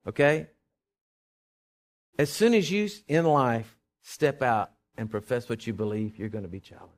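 A middle-aged man, a pastor preaching a sermon and telling a personal story in a folksy, animated way. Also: mid-range voice, slow, long pauses.

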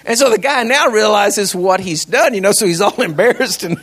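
Middle-aged pastor, high-pitched, folksy and emphatic preaching. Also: male voice, animated, moderate pace, fairly bright tone. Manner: folksy, emphatic, repeats words. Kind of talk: sermon with storytelling.

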